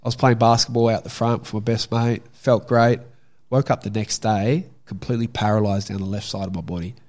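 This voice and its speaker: A man's voice: lowish voice, steady tone, a little fast, a little mellow. A young Australian man telling a story from his own life in a casual, candid way, swearing freely. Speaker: guest.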